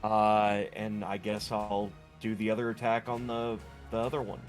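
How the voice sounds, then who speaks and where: A man's voice: lowish voice, monotone, normal speed, faint music behind. A man playing a tabletop game, hesitant and thinking aloud about his moves. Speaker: player.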